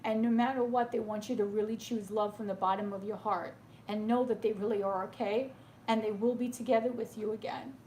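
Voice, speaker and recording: A woman's voice: mid-range voice, fairly even intonation, a little fast, warm tone, a little hiss or hum. A woman doing a live tarot reading for viewers, speaking in a soothing, reassuring way and often checking in with "okay?", sounding tearful and emotional. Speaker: tarot reader.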